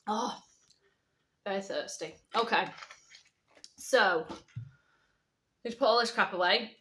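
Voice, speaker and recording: A woman's voice: mid-range voice, slow pace, bright, forceful tone, a little hiss or hum. A woman from the UK chatting casually at home, rambling and often dropping to a murmur. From United Kingdom. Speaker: vlogger. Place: indoors at home. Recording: roomy, distant camera mic.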